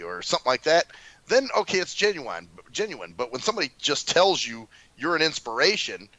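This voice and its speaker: A man's voice: medium pitch, huge pitch swings, normal speed, bright, forceful tone, no echo, low-quality recording. A man co-hosting a radio talk show, talking in a casual, emphatic, profane way. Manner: emphatic, says "dude" a lot.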